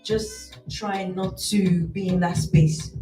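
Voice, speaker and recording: A woman's voice: fairly low pitch, steady tone, slow, dark tone, reverberant, far from the mic, soft background music. A woman from Nigeria, a guest on a radio chat show, easygoing and affirming. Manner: easygoing, laughs along, affirming.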